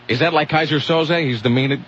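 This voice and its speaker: A man's voice: on the high side, brisk, a bit bright, muffled recording, slight background noise. A man hosting a comedic talk radio show, rambling and sarcastic, often cutting himself off mid-sentence. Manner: sarcastic, rambling, self-interrupting.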